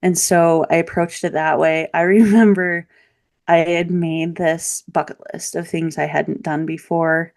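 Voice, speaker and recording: A woman guest on a podcast interview, telling a personal story in a lively, candid way. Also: low-pitched. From Michiana region, US Midwest. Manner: lively, animated storytelling with laughs and voiced quotes. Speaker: podcast guest, local practitioner.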